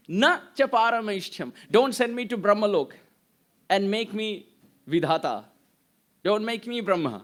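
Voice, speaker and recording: A man's voice: high-pitched, animated, moderate pace, fairly bright tone. A man giving a devotional sermon, telling stories expressively and reciting Sanskrit verses. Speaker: preacher.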